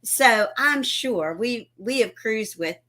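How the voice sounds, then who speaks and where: A woman co-hosting a casual cruise livestream, chiming in with lively short remarks. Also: a little high, slow. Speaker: co-host of a cruise channel livestream.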